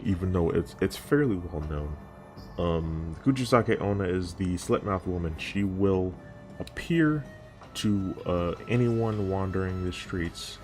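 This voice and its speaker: A man's voice: low voice, a little mellow. A man talking casually to camera, rambling and profane, often restarting his sentences. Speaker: youtuber. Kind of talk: casual video commentary.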